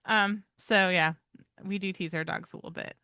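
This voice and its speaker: A woman's voice: lowish voice, steady tone, moderate pace, pushed and bright, no echo, clean studio sound. A woman co-hosting a pet behavior podcast, explaining ideas in a bubbly way and laughing often. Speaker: podcast co-host, animal behavior trainer. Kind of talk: casual chat.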